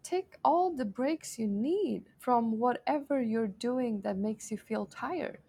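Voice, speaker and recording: A woman from Sweden talks as a guest over a video call, her voice gravelly with vocal fry. She tells animated stories, acts out quoted dialogue, and swears casually. It sounds like a relaxed conversation. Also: fairly high pitch, slow pace. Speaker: podcast guest.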